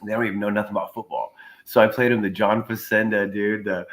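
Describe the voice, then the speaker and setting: A man with a lowish voice talks through a remote call in a loose, rambling way. He fills his stories with "you know" and "like" as he goes. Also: fairly even intonation, fast talker, poor audio. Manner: rambling, filler-heavy storytelling. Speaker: guest caller. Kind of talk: casual chat.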